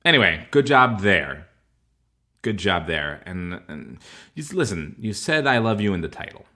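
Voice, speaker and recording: A man's voice: sits low, sing-song, unhurried, bright, forceful tone. A man co-hosting a podcast in casual joking chat, laughing often. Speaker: podcast co-host.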